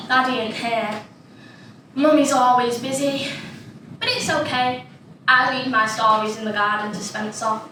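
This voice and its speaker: A woman's voice: high voice, lightly acted. A woman performing a dramatic monologue as an innocent, rambling little schoolgirl. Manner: innocent, rambling, matter-of-fact. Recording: echoey room, distant mic, noisy.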